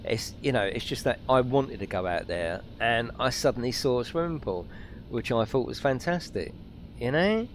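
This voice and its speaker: A man chatting through a live gaming stream, excitable and talkative. His voice swings widely up and down in pitch as he reacts, and faint game sounds sit quietly behind him. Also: normal speed, a little hiss or hum. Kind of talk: live let's-play commentary, chatting with viewers.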